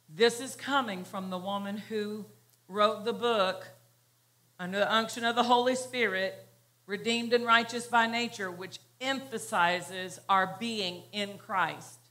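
A woman pastor preaching a sermon, slow and emphatic, repeating key phrases for weight. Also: medium pitch, sharp tone.

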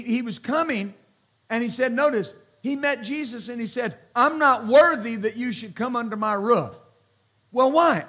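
High-pitched guy preaching slow, keeps repeating himself, throws in hallelujahs. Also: fairly bright tone. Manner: slow, emphatic preaching with repeated words and exclamations. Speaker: pastor. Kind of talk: sermon.

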